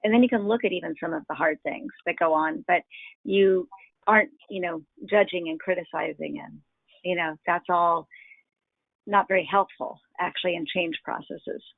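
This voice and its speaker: Gravelly woman host on a thin line. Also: fairly low pitch, fairly even intonation, moderate pace, no echo, narrow, tinny audio. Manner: affirming, builds on the guest's points. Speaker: interviewer, host. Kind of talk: conversational interview.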